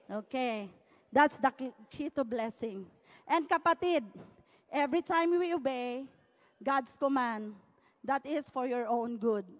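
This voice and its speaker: A woman's voice: on the high side, long reverb tail. A woman preaching a sermon, mixing English with Filipino and often checking in with the congregation. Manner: switching between English and Filipino languages, often asking "no?"; calls out "Praise the Lord" with rising shouts. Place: church hall.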